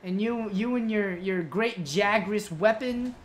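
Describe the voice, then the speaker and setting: A woman commenting on her own gameplay, scolding the monster like an unruly child, swearing and yelling when things go wrong. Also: medium pitch, measured pace, a little hiss or hum. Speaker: gamer.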